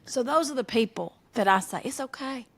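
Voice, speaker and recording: A middle-aged woman, co-hosting a casual podcast chat, telling animated stories and laughing often. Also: a little high, brisk, creaky. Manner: animated storyteller, laughs often, folksy southern phrasing. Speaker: podcast co-host.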